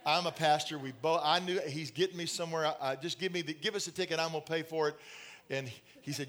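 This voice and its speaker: High-voiced male pastor preaching. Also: fairly even intonation, fast talker, fairly bright tone. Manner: storytelling with laughs and asides to the congregation. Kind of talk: sermon. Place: church in front of a congregation.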